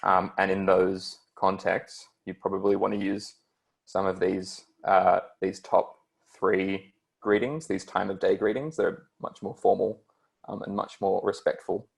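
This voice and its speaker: A young man teaching beginner German over a computer mic, pausing often with ums as he explains. His voice sits very low and gravelly. He speaks in an even, flat tone. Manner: hesitant, many ums, explanatory. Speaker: German language tutor. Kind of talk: online beginner language lesson.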